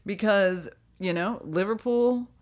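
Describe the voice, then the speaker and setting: A woman's voice: medium pitch, takes it slowly, a little mellow. A woman co-hosting a casual podcast chat, talkative and playful, laughing often. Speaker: podcast co-host.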